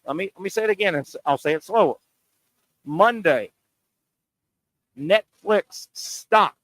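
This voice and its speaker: A man's voice: on the high side, fairly bright tone, no room sound, rough recording. A man hosting a sports talk show, making his point with rhetorical questions and repeating key lines for emphasis. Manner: pauses and stretches words for emphasis.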